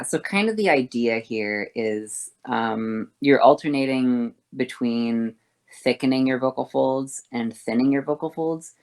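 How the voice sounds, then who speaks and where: A woman voice teacher explaining vocal fold exercises, moving between a harsh, thick sound and a soft, thin one, over a voice call. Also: extremely low pitch. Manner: switches between harsh fry and soft breathy tones.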